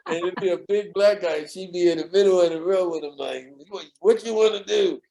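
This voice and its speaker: An interview guest with a high, creaky voice recalls casual anecdotes from an old workplace at a moderate pace, over a noisy background. He is an animated storyteller who acts out the voices of the people he quotes, chuckles often, and repeats words as he remembers.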